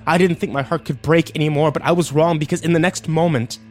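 A man narrating a dark first-person story in a tense, emotional way. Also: a little high, steady tone, fast talker, faint music behind.

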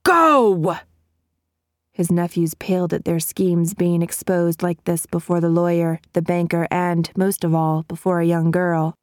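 A woman narrating a story in a measured, clear manner. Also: on the low side, completely flat delivery, warm tone, no room sound, studio quality. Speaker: audiobook narrator. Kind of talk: scripted narration.

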